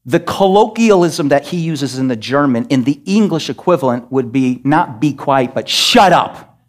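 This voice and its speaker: A pastor delivering an emphatic sermon in a church, scolding and asking rhetorical questions. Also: male voice, medium pitch, expressive, normal speed, a little mellow. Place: church sanctuary.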